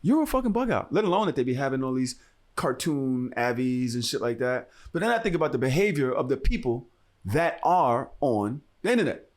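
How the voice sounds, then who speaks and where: A man's voice: mid-range voice, moderate pace. A young man hosting a podcast, telling a story in casual chat, profane and acting out the voices of the people in it. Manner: animated, profane, swings into loud acted-out quotes. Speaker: podcast host.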